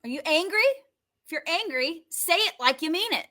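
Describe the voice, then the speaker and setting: A woman guiding a tapping and healing session, talking slowly and emotively with many sighs, and coaxing listeners to repeat her phrases. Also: very high voice, expressive, bright, forceful tone. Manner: slow, breathy, emotive, with frequent sighs.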